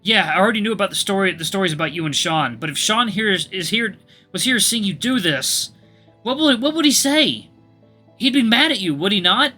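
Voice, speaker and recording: A man's voice: high voice, lively intonation, a little fast, pitched above the performer's own voice, heavily acted. A man voicing a desperate, tearful young male hero who pleads urgently, over faint music. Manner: urgent, shouting pleas.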